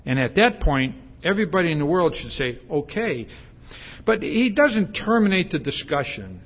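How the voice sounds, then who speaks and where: A man's voice: fairly high pitch, big pitch swings, normal speed, lo-fi sound. A man preaching a sermon in a conversational way, with many fillers and restarts, and asking the congregation questions.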